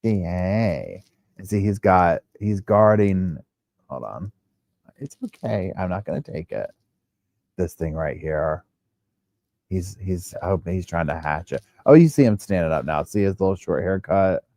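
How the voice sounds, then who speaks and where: A man's voice: sits low, expressive, a little slow, warm tone, dry recording. A man hosting a true crime livestream, chatting casually and rambling in a drowsy way.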